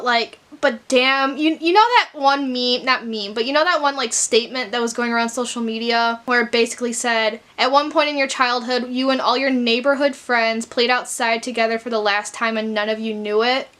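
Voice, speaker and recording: Her voice is on the high side, bright and forceful. A young woman from Chicago, she talks casually in a book vlog, rambling with lots of "like" fillers and tearing up at moments.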